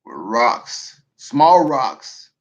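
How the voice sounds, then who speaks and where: A man talking casually to his viewers on a livestream. He sounds tired and low on energy, and he often repeats and restarts phrases as he goes. His voice sits at a middle pitch. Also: sing-song, very slow, lo-fi sound. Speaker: livestream host, veteran prepper.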